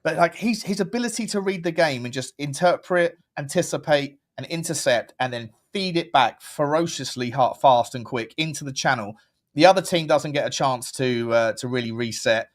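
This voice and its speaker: Lively man chatting football. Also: fairly high pitch. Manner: quick, animated, loose filler-heavy talk. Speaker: co-host. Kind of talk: casual football chat.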